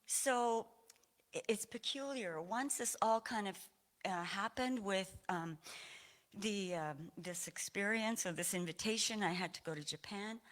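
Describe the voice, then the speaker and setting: Woman, from rural Maine, church testimony, emotional, meandering conversational storytelling, medium pitch. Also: a bit bright. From Aroostook County, Maine. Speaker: congregant sharing a testimony. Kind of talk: personal testimony at a church service.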